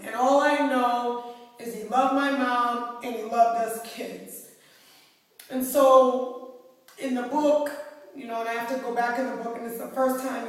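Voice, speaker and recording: A woman from New York, an author speaking to her fans, talking bluntly and heatedly with plenty of profanity on a phone camera mic. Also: on the high side. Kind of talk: blunt personal monologue. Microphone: iPhone camera mic. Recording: echoey hall, far from the mic.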